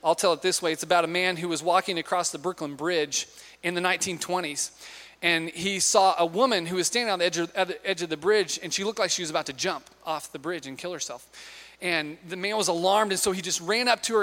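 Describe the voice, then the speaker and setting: High-voiced male preacher in an echoey hall. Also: quick pace, sharp tone. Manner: conversational storytelling preacher, asks the audience questions. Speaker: pastor. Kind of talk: sermon. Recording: long hall reverb.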